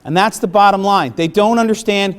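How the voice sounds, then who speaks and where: A middle-aged man gives a workshop presentation in a fairly high voice. He talks conversationally to a room of listeners and keeps checking that they follow. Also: fairly quick. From the Bronx, New York. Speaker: presenter on parish planning.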